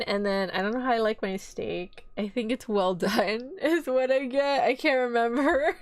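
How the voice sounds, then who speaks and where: A woman's voice: medium pitch, no echo. A young woman, chatting and giggling casually on a live stream. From Texas. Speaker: VTuber streamer.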